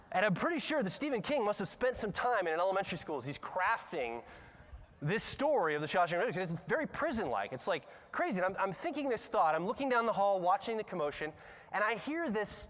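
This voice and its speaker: A man speaking at a conference, telling a story with lively, self-mocking energy. His voice sits high and swoops widely in pitch. The sound rings through a large hall with a long reverb tail. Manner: animated, self-mocking storyteller who acts out scenes. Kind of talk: storytelling keynote talk.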